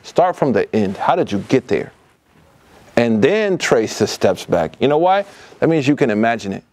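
Man, middle-aged, informal religious lecture to youth, casual slang, mid-pitched voice, lively delivery, mosque hall. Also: normal speed. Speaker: lecturer at a youth study circle. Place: mosque hall, live audience.

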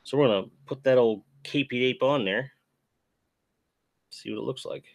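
A man hosting a relaxed, chatty stream while unboxing toys and answering chat messages. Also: medium pitch, normal speed, creaky. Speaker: host. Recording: faint background music.

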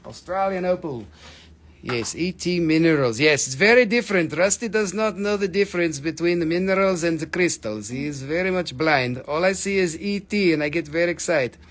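Excited man selling minerals live. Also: on the high side, normal speed. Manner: animated, reads chat comments aloud, bursts into excited shouts. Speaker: live-stream mineral seller. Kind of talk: live-stream sales chat.

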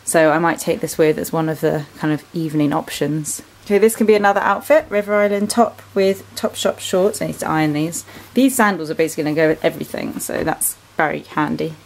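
A woman's voice: deep voice, steady tone, a little fast, gravelly, hardly any pauses, slight background noise, poor audio. A woman in her twenties with an English accent, chatting casually in a vlog at home, rambling with plenty of ums and likes as she shows her clothes. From England. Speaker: vlogger. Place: bedroom at home.

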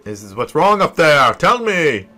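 A man voicing a rough-talking male ship crewman in a video game playthrough, with brash sailor slang. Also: a little high, big pitch swings, unhurried, sharp tone, faint music behind, full character voice. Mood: irritated. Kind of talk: let's play, reading game dialogue aloud.

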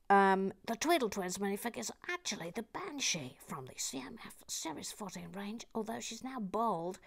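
A woman hosting a building stream, reading viewer comments aloud in a playful way, slipping between soft whispers and bursts of mock indignation. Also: fairly low pitch. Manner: reads viewer messages aloud with hesitant restarts. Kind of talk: chatty live-stream commentary while building.

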